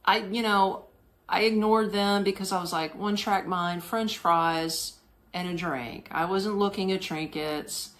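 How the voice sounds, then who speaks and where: A woman hosting a podcast, telling a casual story in a slangy, animated way, laughing often and mimicking voices. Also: medium pitch, unhurried. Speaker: podcast host.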